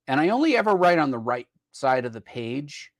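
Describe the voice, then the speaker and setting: A man's voice: mid-range voice, very animated, a little fast, dry recording. Upbeat male host, dry close sound. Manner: upbeat, playful, frequent fillers. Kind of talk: casual chat about gifts.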